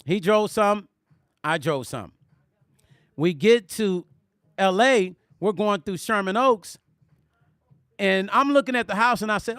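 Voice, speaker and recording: A man hosting a music vlog, telling stories in an animated, conversational way and speaking directly to his viewers. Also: high-pitched, a little slow, pauses often, no echo, studio quality. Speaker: music vlogger. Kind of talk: storytelling on a live stream.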